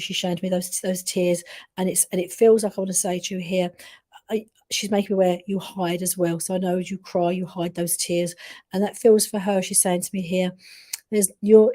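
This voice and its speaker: A woman medium giving a live reading to a grieving mother, speaking softly and haltingly, often pausing to say "I wanna say to you" and "okay?". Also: medium pitch. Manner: soft, gentle and consoling. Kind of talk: live-streamed intuitive reading.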